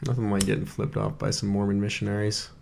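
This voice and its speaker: Gravelly, low-voiced comedian. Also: male voice, completely flat delivery, fast, a little mellow. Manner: blunt, profane, joking. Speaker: podcast guest, comedian. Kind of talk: casual podcast chat.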